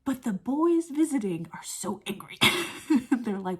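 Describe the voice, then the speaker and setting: A young woman reviews a film in a casual, chatty way, with plenty of fillers. Her voice is husky and breathy at a middling pitch. She often sinks into a soft whisper. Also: animated, slow. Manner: chatty, filler-heavy, drops into whispers when moved.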